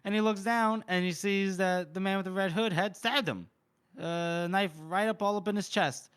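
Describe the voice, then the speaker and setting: A young man co-hosting a podcast, casually retelling a book chapter with quick voiced quotes and laughs. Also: sits high, steady tone, a bit bright, clean tone. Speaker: podcast co-host.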